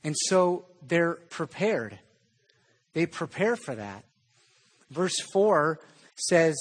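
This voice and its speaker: A man preaching a sermon in a conversational way, with animated storytelling. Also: a little high, extremely slow, long pauses, breathy edge. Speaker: pastor.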